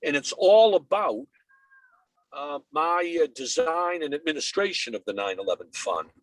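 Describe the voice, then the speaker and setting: A man's voice: on the high side, animated, moderate pace, dry recording, low-quality recording. An older man with a Boston accent, telling anecdotes as an interview guest on a video call in short, punchy phrases. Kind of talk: anecdotal storytelling.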